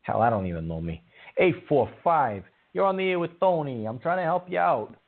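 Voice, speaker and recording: A flustered call-in host with a gravelly, fry-edged voice that jumps all over its pitch range. He stammers and loses his temper quickly. The sound is thin and tinny, like a phone line. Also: very animated. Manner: flustered, stammering, easily riled. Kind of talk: call-in radio show hosting.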